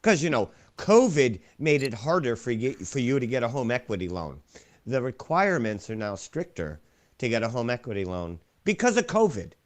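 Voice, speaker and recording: A man's voice: mid-range voice, lively intonation, normal speed. Profane ranting man. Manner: swears constantly, ranting. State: sore back. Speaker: podcast co-host. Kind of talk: casual profane banter.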